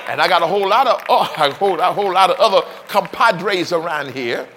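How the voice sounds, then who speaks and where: A man's voice: high voice, animated, fairly quick, bright, forceful tone, slight background noise. A man in his sixties, a pastor preaching a sermon with emphatic repetition and chuckling asides to the congregation. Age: 60s. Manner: emphatic preaching with repeated call-and-response.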